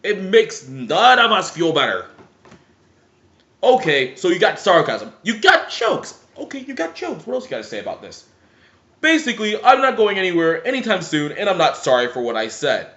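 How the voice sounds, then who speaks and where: Man ranting profanely, lively high voice. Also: moderate pace. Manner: animated, profane, sarcastic ranting. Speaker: vlogger. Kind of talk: ranting commentary vlog. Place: indoor room, seated. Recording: roomy, dull lo-fi sound.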